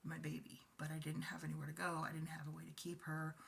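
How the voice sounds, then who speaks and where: A woman in her forties giving a personal, confessional talk to camera, speaking softly and haltingly, often near a whisper and emotional at times. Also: sits low, monotone, creaky, slight background noise. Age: 40s. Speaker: vlogger.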